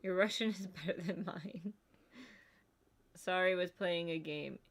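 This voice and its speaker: Casual co-host: woman, lower-pitched, rambling and chatty. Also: unhurried, fairly bright tone. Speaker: livestream co-host. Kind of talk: casual livestream chat.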